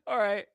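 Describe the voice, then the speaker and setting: A streamer with a very high, fairly bright voice reads posts aloud and reacts casually, laughing again and again. The talk is slangy and loose, full of "dude" and "man." The recording is dry and clean, with studio sound.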